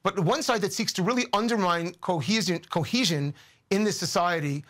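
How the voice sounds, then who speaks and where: A man's voice: high voice, fairly quick, a bit bright. A man speaking as a guest commentator in a news interview, earnest and emotional, often repeating words as he searches for them.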